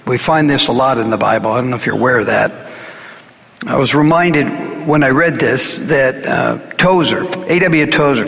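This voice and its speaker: A man's voice: mid-range voice, vocal fry, a bit bright, big-room sound. A man preaching a conversational sermon to his congregation, earnest and urgent, often restarting his sentences and pressing his points. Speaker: pastor.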